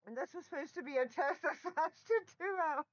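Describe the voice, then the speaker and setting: Her voice sits high and moves at a moderate pace as this middle-aged woman runs a casual live stream from home, giggling and laughing in bursts while chatting with viewers. It's captured on a built-in laptop microphone, with no echo and the highs cut off.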